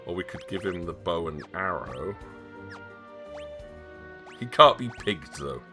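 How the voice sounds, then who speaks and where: A man's voice: sits low, sing-song, slow pace, pushed and bright, faint music behind. A man streaming a first playthrough of a game, chatting casually and joking with playful wordplay.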